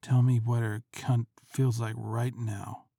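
A woman's voice: flat delivery, slow pace, gravelly, dark tone, slightly rough, no echo, clean studio sound, full character voice. Drunk demanding man, woman putting on. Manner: low, slurred, commanding.

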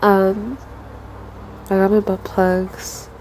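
Young woman, stuffy nose, unhurried drawl, mellow low-sheen tone; loose casual chat. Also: level tone, slight background noise. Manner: chatty, giggly, swears freely.

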